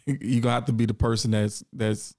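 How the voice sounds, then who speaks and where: A young male podcast co-host who talks thoughtfully and haltingly, often restarting his sentences. His voice sits at an average pitch, and the recording is dry with no room sound. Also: level tone, creaky, a little mellow, no room sound. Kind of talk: casual chat.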